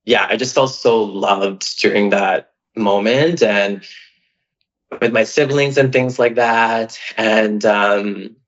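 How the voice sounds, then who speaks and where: A man from Canada with a lowish voice tells a personal story. He is chatty and emotional and keeps saying "like". The sound is dull and lo-fi. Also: slow pace. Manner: chatty, heavy use of "like", emotional and open. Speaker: podcast guest. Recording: dull, lo-fi audio.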